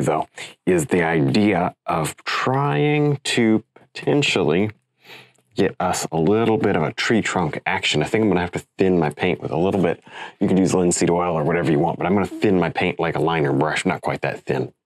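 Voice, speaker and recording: A man with a low, slightly husky voice teaches landscape painting in a loose, easygoing way. He muses over each stroke and cheers on the viewer. The sound is close and dry. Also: no echo. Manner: relaxed, thinks aloud, encouraging. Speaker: painting instructor. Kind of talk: casual painting demonstration.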